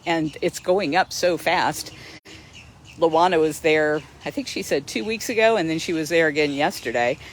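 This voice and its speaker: A woman's voice: deep voice, normal speed, slight background noise. A woman hosting a casual livestream outdoors near a lake, chatty and enthusiastic, laughing often as she talks into her phone. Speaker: host of a sanctuary livestream. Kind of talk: casual live-stream chat.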